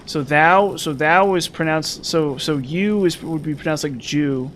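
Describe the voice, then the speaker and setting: A young man with a somewhat high voice talks his way through a game session, wandering from thought to thought and restarting his sentences. He muses aloud in an easy, unscripted way. Faint game sounds hum behind him. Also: unhurried, a bit bright. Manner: rambling, musing, many restarts and fillers. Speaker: gaming channel host. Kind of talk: casual gameplay commentary.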